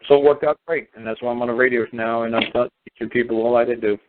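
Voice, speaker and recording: A man's voice: medium pitch, fairly even intonation, fast, background noise. A man telling his story on talk radio, emphatic and intense, hammering points through repetition. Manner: emphatic, intense, repeats himself for force. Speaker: radio show guest speaker. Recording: tinny phone line.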